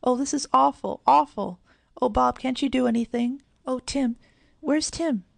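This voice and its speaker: A woman reading aloud and voicing an excitable little girl who worries easily, in a storybook. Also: fairly quick, dry recording, studio quality, lightly acted. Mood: frantic. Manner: high, breathless exclaiming.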